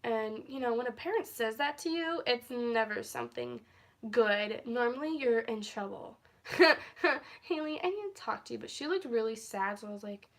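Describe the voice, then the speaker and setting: A woman's voice: a little high, sing-song, moderate pace. A young woman telling a story in a casual vlog on her phone at home, rambling, easily sidetracked and laughing often. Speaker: vlogger. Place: at home, indoors.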